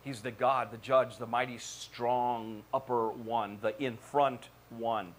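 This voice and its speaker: A man's voice: medium pitch, steady tone, slow pace, a little hiss or hum. A male pastor preaching a sermon in a church, building to repeated calls and questioning the congregation. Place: church sanctuary.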